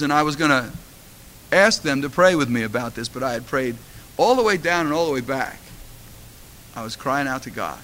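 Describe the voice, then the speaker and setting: A man's voice: mid-range voice, pushed and bright, a little hiss or hum. A middle-aged man, a pastor, delivering a sermon with impassioned storytelling that rises to fervent exhortation.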